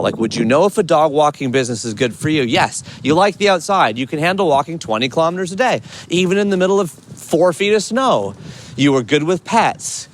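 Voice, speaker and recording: A man hosting a podcast while out on a walk, chatty and curious, telling stories and asking questions in quick bursts. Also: fairly high pitch. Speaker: podcast host. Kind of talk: walking interview chat. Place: outdoors on a city street. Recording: street noise behind outdoor walk.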